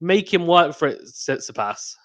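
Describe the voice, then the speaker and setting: A man hosting a live tennis watchalong stream, giving excitable play-by-play commentary and reading out viewer chat. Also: fairly high pitch, normal speed. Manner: excitable, rising to exclamations on big points; reads out chat messages to viewers.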